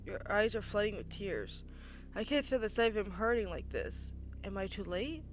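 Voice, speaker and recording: A woman streamer reading a visual novel aloud and reacting expressively, breaking into loud outbursts. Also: medium pitch, sing-song, normal speed, slight background noise.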